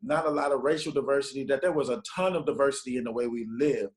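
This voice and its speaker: A man in his thirties from Chicago, a pastor telling a story in an animated sermon at a conference. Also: mid-range voice, fast. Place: conference stage. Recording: roomy hall sound.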